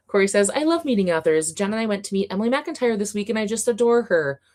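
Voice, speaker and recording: A woman's voice: medium pitch, animated, a little fast, darkish tone. A woman hosting a casual livestream, chatting in an upbeat way and reading viewer comments aloud, with plenty of fillers and light laughs. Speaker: livestream host reading chat.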